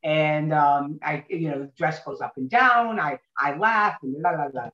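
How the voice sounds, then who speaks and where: A woman actress, a podcast guest, telling stories in an animated way and acting out what people said. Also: deep voice, unhurried. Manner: animated, acts out quoted voices. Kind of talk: anecdotal podcast storytelling. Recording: dull, roomy recording.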